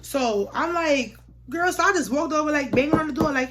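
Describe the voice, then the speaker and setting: Young woman, storytime vlog, slangy lively telling, highish voice, faint hiss behind. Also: brisk. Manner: animated, slangy storytelling with acted-out quotes. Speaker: vlogger.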